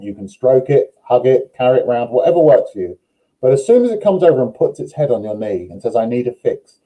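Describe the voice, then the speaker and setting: A man, a dog trainer, explaining step by step in a steady, instructive way during a live online question session. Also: medium pitch, low-quality recording.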